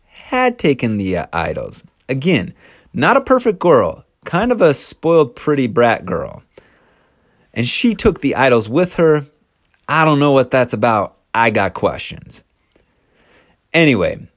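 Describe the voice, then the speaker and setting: A man's voice: mid-range voice, no room sound, clean studio sound. A man teaching a casual scripture lesson, retelling the story with chatty, slangy asides.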